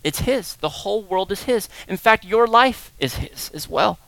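A male pastor delivering a sermon in a bright, forceful voice. He swings from hushed, low stretches to loud, high-pitched emphasis. The sound is close and dry, with no room echo. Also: expressive, moderate pace, vocal fry.

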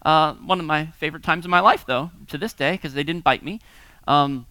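A bright, crisp male voice, fairly high for a man, captured in a dry, close setting with no room echo. He preaches in a lively storytelling way, chuckling and acting out the people in his anecdotes. He sounds like an American man in his thirties or forties. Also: brisk. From United States. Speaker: pastor teaching a series. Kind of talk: sermon-style talk with personal stories.

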